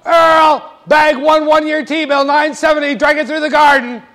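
A man's voice: on the high side, expressive, a little slow. A man in a classroom role-play, voicing a chatty, pushy woman who hosts an auction and fusses over a young buyer in folksy sales patter. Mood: shouting.

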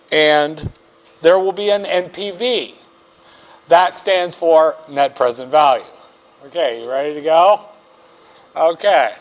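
Slow, high-voiced man teaching finance. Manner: slow, joking, step-by-step. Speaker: finance instructor. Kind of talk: classroom lecture.

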